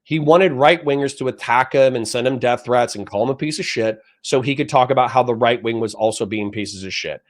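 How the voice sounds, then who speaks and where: A man's voice: mid-range voice, fairly quick, hardly any pauses. A young adult man streaming political commentary, reading chat messages and lecturing his audience in a heated, profane rant.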